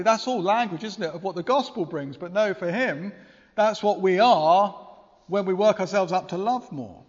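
A man's voice: sits high, moderate pace. A man preaching a sermon in a church, earnest and conversational, often asking rhetorical questions. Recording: long reverb, dull lo-fi sound.

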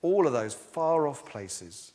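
A man preaching a sermon in a lively, conversational way, often restarting his sentences. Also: mid-range voice, slow pace. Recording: long hall reverb.

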